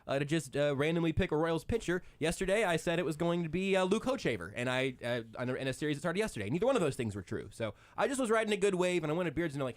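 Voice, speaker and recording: Fast-talking, high-voiced sports radio man. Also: big pitch swings. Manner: quick, self-mocking, playfully boastful. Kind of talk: sports update read, then casual studio banter. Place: radio studio. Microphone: studio microphone and headset.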